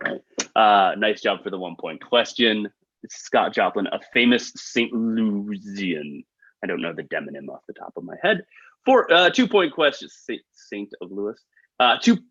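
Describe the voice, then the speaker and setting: An upbeat man with a lowish, fairly bright voice hosts an online trivia quiz, reading questions and tossing in quick joking asides he chuckles at himself. There's no echo, but the video call audio sounds dull and lo-fi.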